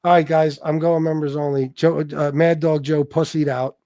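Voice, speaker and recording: A man's voice: on the high side, flat delivery, moderate pace, warm tone, no room sound. A man hosting a casual livestream chat, talking bluntly and swearing freely while reading out viewer names. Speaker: livestream host.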